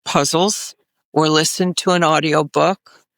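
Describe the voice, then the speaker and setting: A woman's voice: low voice, fairly even intonation, measured pace, fairly bright tone, no echo, studio quality. A woman clinician on a health panel, speaking emphatically and repeating phrases for stress. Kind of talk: panel discussion.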